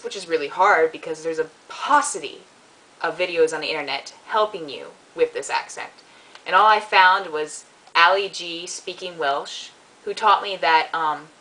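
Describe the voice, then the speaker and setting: A woman's voice: on the low side, pushed and bright, low-quality recording. A woman with a Mid-Atlantic American accent, chatting to camera in a giggly, self-deprecating way. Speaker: vlogger. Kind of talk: casual chat to camera.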